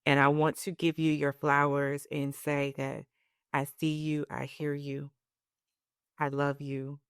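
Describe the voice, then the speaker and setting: A woman's voice: low-pitched, little pitch movement, takes it slowly, clear, resonant tone, dry recording, studio quality. A woman hosting a podcast, speaking in an emotional, encouraging, almost preacherly way. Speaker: podcast host. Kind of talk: heartfelt podcast conversation.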